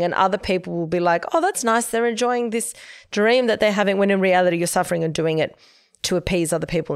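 A woman's voice: mid-range voice, clean tone, no echo. Chatty woman podcast host, dry sound. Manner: chatty, emphatic, giving advice with quoted asides. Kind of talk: casual solo podcast chat.

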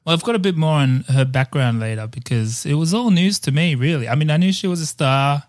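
A man's voice: fairly high pitch, a little fast, no room sound, studio quality. A man hosting a casual podcast chat, laughing often and filling with ums. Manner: chatty, laughs often, fillers. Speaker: podcast host. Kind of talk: casual chat, research recap.

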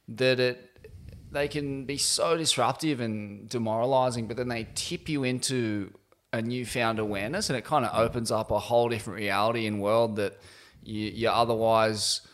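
A man's voice: mid-range voice, fairly bright tone. A man with an Australian accent hosting a podcast, easygoing and reflective, with casual swearing. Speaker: podcast host. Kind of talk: casual interview.

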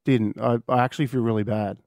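A man hosting a radio show, telling a story in an excitable way and quickly raising his voice. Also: medium pitch, vocal fry, no room sound, studio quality. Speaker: radio host. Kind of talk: animated radio chat, storytelling. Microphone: studio microphone.

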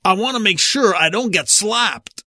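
Audiobook figure: male narrator doing a shouting, exasperated old grandfather, high and dry. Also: animated, measured pace, no echo, full character voice. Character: exasperated old grandfather, blustering and over-the-top.

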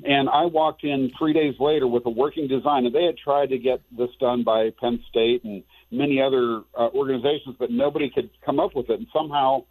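A man's voice: medium pitch, steady tone, fairly quick, hardly any pauses. Earnest man on a tinny phone line. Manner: earnest, rambling with restarts. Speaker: business owner guest. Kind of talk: casual panel discussion.

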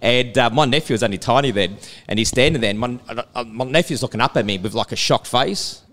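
A man's voice: medium pitch, fast talker, fairly bright tone. A middle-aged man with an Australian accent tells stories in a casual, rambling way. He restarts his sentences often and laughs between them. His voice carries a long reverb tail. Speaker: guest. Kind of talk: casual storytelling chat.

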